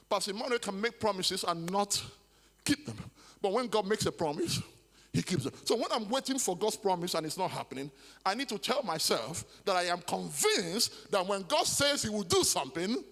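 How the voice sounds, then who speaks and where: Preaching in a large church hall, this pastor has a high, somewhat bright voice. His sermon leans on emphatic repetition and stammered restarts, heard through long hall reverb.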